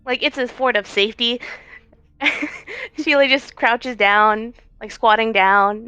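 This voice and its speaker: Giggly swearing girl player, slow talker, muffled mic. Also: on the high side, steady tone, bright, forceful tone, smooth. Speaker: tabletop game player. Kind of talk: casual in-character play.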